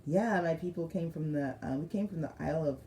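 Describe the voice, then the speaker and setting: A woman with a low-pitched, mellow voice, chatting through a spiritual crystal card reading. She wanders off on tangents, then reads the card text aloud with emphasis. A faint background hiss sits under her voice. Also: a little fast. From United States. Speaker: spiritual reader.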